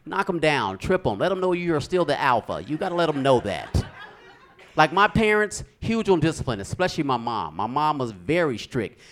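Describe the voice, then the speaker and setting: A man doing stand-up comedy, telling animated stories with sound effects on stage. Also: a little high, moderate pace, a little hiss or hum.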